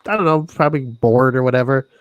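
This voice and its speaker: A man's voice: mid-range voice, quick pace, no echo, lo-fi sound. A man hosting a casual podcast chat, rambling, restarting his words and laughing often. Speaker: podcast host.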